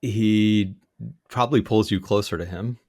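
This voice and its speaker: A man's voice: fairly low pitch, a little slow, darkish tone. A man co-hosting a podcast, listening closely and chiming in with wry remarks in casual chat. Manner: attentive listener, wry quips. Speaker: podcast co-host.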